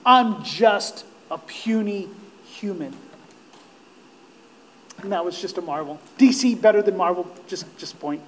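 A male pastor preaching a sermon, earnest and direct with his listeners, growing impassioned and nearly shouting at the peaks. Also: high voice, lively intonation, unhurried, pauses often, a little hiss or hum. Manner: impassioned, rising to near-shouts on quoted cries.

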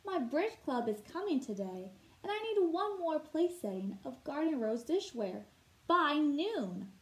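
A fussing, breathless lady customer in a read-aloud storybook, as a woman puts her on. The voice sits well above an ordinary speaking pitch and hurries through its worries. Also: very animated, unhurried, roomy sound. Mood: flustered. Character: flustered genteel older woman customer.

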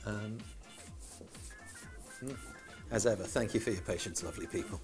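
A man's voice: fairly low pitch, expressive, unhurried, pauses often, faint music behind. A man hosting a satirical news show, giggling and fumbling through outtakes.

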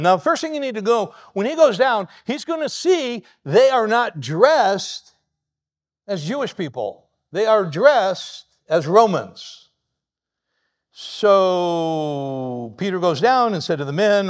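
A man pastor preaching a sermon, telling the story lively and acting out the people he quotes. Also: high voice, slow pace.

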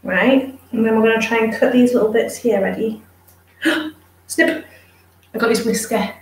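A fairly high-voiced woman chats casually to her viewers while grooming her dog, slipping into cooing baby talk for the dog. She sits back from the mic in a roomy space. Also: steady tone, fairly quick, recorded from a distance, slight background noise. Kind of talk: casual live chat with viewers.

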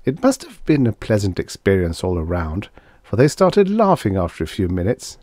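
A man narrating a vintage science fiction story aloud in an expressive, lilting storytelling manner. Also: fairly low pitch, moderate pace, dry recording, clean studio sound. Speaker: audiobook narrator. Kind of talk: scripted narration.

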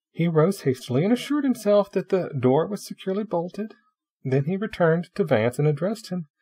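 A man reading a classic short story aloud with expressive, dramatic storytelling. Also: medium pitch, husky. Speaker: narrator.

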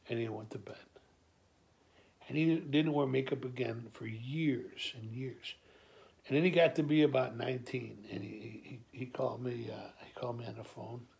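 A man with a gravelly voice, telling an improvised comic story in a rambling, folksy way, full of halting restarts. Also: medium pitch, darkish tone. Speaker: improv monologuist. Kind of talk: improvised comedic monologue.

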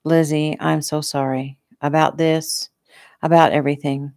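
A gentle male police officer who speaks softly and apologetically, voiced by a woman reading her own book. The voice is low and a little gravelly, recorded close and dry. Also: flat delivery, measured pace, no echo. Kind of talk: audiobook reading.

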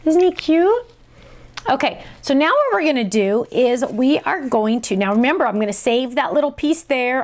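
A middle-aged woman hosting a craft tutorial, chatty and excitable, talking to herself as she works. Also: on the high side. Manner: chatty and excitable, talks to herself while working. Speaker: crafting show host.

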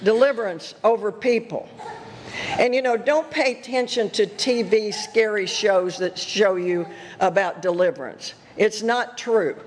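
A woman's voice: mid-range voice, unhurried, slight background noise. An older woman giving a sermon as a guest speaker, telling stories earnestly and emphatically with chuckling asides. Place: church. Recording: reverberant church hall.

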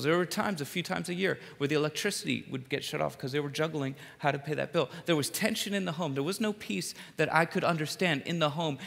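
A man from the Philadelphia area preaching a sermon, telling personal stories in an animated way with quick jokes and repeated words. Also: a little high, creaky. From Philadelphia area, USA. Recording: reverberant hall.

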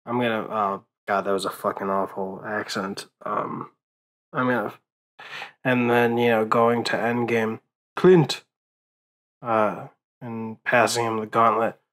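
A tired man talking late at night in a casual rambling monologue, swearing often and pausing with fillers as he mourns. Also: lowish voice, little pitch movement, fairly bright tone, rough recording. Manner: profane, grieving, rambling with many fillers. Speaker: movie vlogger.

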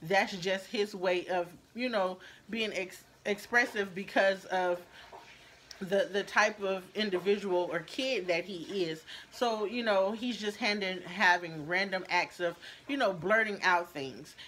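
A woman tells a story in a casual vlog, animated and talking straight to her viewers. Her voice sits at an ordinary middle pitch. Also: a little slow, a little hiss or hum. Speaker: storyteller vlogger.

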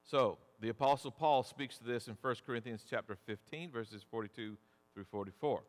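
A man preaching a sermon as pastor, deliberate and measured, asking rhetorical questions. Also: mid-range voice. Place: church sanctuary. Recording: long church reverb.

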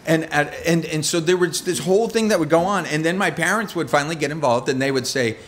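A man's voice: fairly high pitch, fairly quick. A middle-aged man preaching a conversational sermon as pastor, telling stories with self-deprecating humor.

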